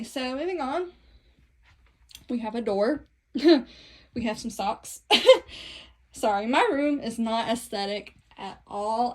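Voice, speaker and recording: A woman's voice: high voice, a little mellow, low-quality recording. A young woman with a Southern accent gives a casual, chatty tour of her books, talking to viewers with self-deprecating asides, filmed on a phone in her bedroom. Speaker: book vlogger. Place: bedroom at home. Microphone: phone camera.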